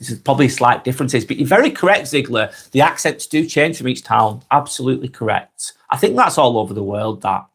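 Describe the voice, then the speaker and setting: A Lancashire-accented man from the Blackburn and Darwin area of northwest England hosts a casual live stream and reads viewer comments aloud in a friendly, chatty style. His mid-range voice is animated, creaky, fairly bright and slightly rough, running a little fast with hardly any pauses.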